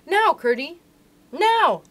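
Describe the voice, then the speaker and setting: Lady doing a bright little princess girl, eager and sure of herself, voice bouncing high and low, storybook reading. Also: sing-song, fast talker. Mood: excited.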